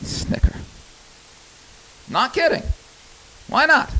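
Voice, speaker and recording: A man's voice: high-pitched, very animated, a little slow, a bit bright, poor audio. A man telling a personal story in a candid, rambling monologue, cursing freely.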